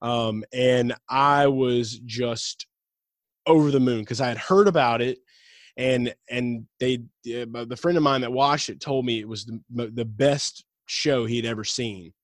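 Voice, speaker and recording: A young man with a drawl talks through a podcast in loose, swearing chat, breaking into laughter as he retells scenes. His voice sits at an everyday middle pitch. The sound is dry and close to the mic. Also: a little slow, dry recording. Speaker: podcast co-host. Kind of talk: casual chat.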